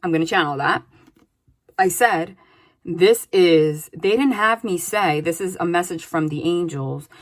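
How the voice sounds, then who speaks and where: A woman's voice: on the low side, measured pace. Chatty woman doing a tarot reading. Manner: chatty, with many "like" and "okay?" tags. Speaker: tarot reader. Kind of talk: casual spoken tarot reading.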